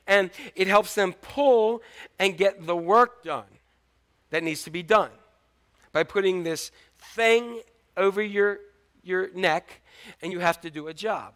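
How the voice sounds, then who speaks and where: A man preaching a sermon as a church pastor, lively and joking, with his voice often jumping up for emphasis. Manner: lively preaching, jokes, sudden rises in pitch and loudness.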